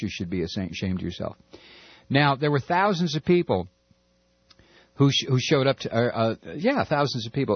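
A man's voice: on the low side, breathy edge, no room sound. A man delivering an impassioned, stammering, sarcastic political rant as a talk radio host. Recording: dull lo-fi recording.

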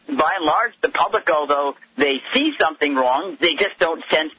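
A man's voice: a little high, expressive, normal speed, husky, lo-fi sound. A man speaking as a guest on a talk radio show, arguing in an impassioned, indignant way over the phone. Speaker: guest commentator.

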